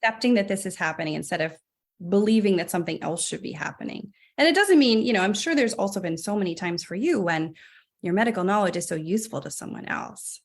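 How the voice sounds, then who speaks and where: A woman's voice: mid-range voice, expressive, fast. A woman physician speaking as a podcast guest, chatty and reflective, with frequent light laughs. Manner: reflective, chatty, laughs often, says like a lot. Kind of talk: casual podcast conversation.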